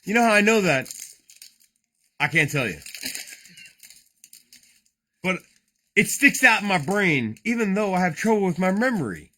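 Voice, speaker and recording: A man rambles through a live card-opening stream, cursing freely and getting excited at each pull. His voice sits a bit high and sounds bright, bouncing around with lots of pitch movement. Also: unhurried, long pauses. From New Jersey.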